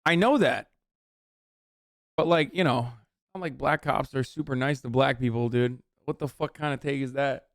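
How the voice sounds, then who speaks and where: A man's voice: medium pitch, normal speed, dry recording, studio quality. A man streaming a reaction video, ranting profanely at his chat.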